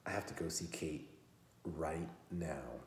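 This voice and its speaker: A man's voice: very deep voice, takes it slowly. A man hosting a podcast, reading a novel aloud and cutting in with profane jokes. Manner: profane, joking interruptions. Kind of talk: book reading with crude asides. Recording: roomy echo.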